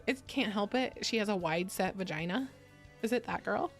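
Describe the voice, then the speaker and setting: A woman's voice: mid-range voice, normal speed, soft background music. A young woman streamer chatting casually, rambling, swearing and laughing often. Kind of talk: casual live-stream chat.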